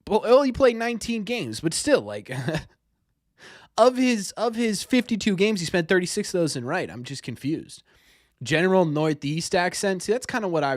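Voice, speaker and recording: Rambling, higher-pitched young man on a live stream. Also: dry recording, studio quality. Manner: rambling, stumbles and repeats words. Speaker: sports podcast host. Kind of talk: casual live-stream chat answering viewers.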